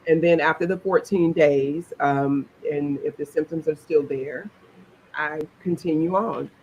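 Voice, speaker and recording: Lady, middle-aged, animated storytelling, chatty, faint hiss behind her. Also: low voice, unhurried, dull audio. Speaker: interview guest. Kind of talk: personal storytelling interview.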